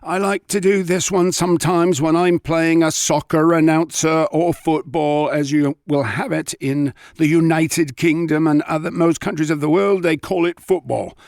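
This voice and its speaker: A man putting on an as an excitable football announcer. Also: fairly high pitch, normal speed, gravelly, few pauses, dry recording, clean studio sound, voice pushed up. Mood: chirpy.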